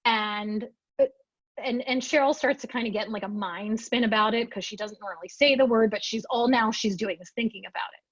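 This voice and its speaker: A woman presenting a storytelling webinar, telling anecdotes in a lively, expressive way and acting out her own lines. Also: fairly high pitch, fairly quick, dry recording, lo-fi sound.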